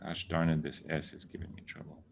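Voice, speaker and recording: A man's voice: a bass voice, completely flat delivery, brisk, vocal fry, a little hiss or hum. A man giving a casual lesson, patiently repeating words to correct how people say them. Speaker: teacher.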